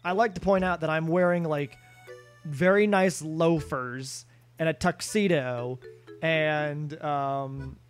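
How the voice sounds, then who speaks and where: A man's voice: fairly high pitch, steady tone, slow pace, faint music behind. A man live-streaming a video game, chatting casually with viewers in a rambling, self-deprecating way. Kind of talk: casual live-stream chat while gaming.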